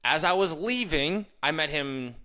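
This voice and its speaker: A young man hosting a podcast, giving a casual motivational monologue, animated and ranting, mimicking other people in quick quoted asides. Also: a little high. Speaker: podcast host.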